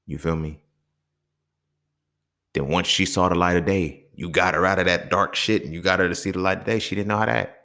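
A man's voice: deep voice, steady tone, a little fast, pauses often, pushed and bright. A man hosting a solo podcast, talking bluntly and profanely and often building into emphatic rants. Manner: keeps checking in with the listener. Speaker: podcast host. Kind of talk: unscripted solo podcast monologue.

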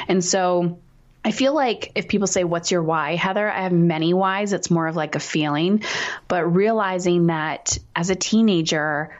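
Energetic, blunt woman coach. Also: lowish voice, normal speed, lo-fi sound. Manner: energetic, blunt, swears freely. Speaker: guest, parenting coach. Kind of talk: candid interview chat.

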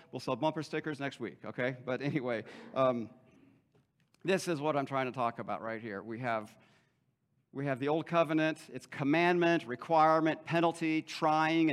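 Male pastor, higher-than-usual voice, relaxed conversational preaching, often checks in with the room. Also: normal speed. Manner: conversational, joking asides, frequent "okay?" checks. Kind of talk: sermon.

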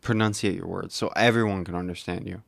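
A man's voice: sits low, steady tone, fast, creaky, no room sound, clean studio sound. A young American man co-hosting a podcast, opinionated and ranting in casual chat, with slightly mumbled words. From United States. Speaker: podcast co-host.

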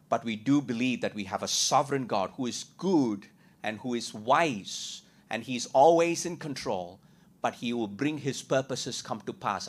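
Husky man preaching with lively swings. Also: medium pitch. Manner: preaching with big swings between loud emphatic and quiet lines; rhetorical questions and repetition. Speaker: pastor. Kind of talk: sermon.

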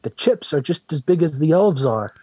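An easygoing Santa Claus, played by a man, answers questions in a Boston accent. His voice sits slightly high and sounds close and dry. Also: expressive, moderate pace, mellow, breathy edge, dry recording. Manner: easygoing, agreeable, short replies. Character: jolly male Santa Claus guest. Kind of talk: improvised comedic interview.

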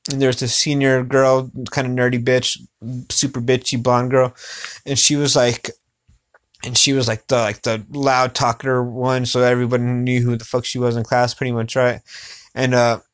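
A man's voice: mid-range voice, flat delivery, normal speed, clean tone. A young man hosting a podcast, chatting casually in a rambling way with lots of swearing and filler phrases. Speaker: podcast host. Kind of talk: casual chat.

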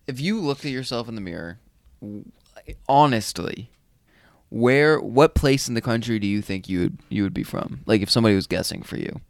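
A young man co-hosting a podcast in casual chat, animated and teasing, swearing freely. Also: medium pitch, normal speed, no room sound, studio quality. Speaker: podcast co-host.

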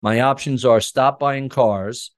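Middle-aged guy on a podcast, lively storyteller, acts out both sides of the chat, mid-pitched voice. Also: slow pace. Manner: animated, acts out conversations. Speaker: podcast guest. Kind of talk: casual storytelling.

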